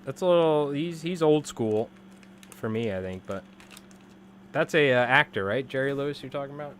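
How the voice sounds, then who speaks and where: A man's voice: mid-range voice, normal speed, slight background noise. A man in his thirties chatting casually on a live stream while tying flies, rambling and laughing often. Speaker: live-streaming fly tyer.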